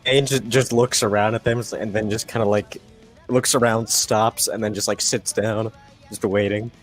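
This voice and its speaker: A man's voice: lowish voice, little pitch movement, moderate pace, soft background music. A man playing a tabletop game, loosely describing what his character does, with lots of hesitant fillers. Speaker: player.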